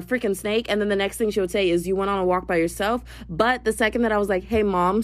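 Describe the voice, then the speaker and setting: A young woman, chatting excitedly in a casual podcast recorded as phone voice notes. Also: medium pitch, no room sound. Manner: chatty, excitable, gushing storyteller. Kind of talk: casual voice-note podcast chat. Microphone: phone voice memo.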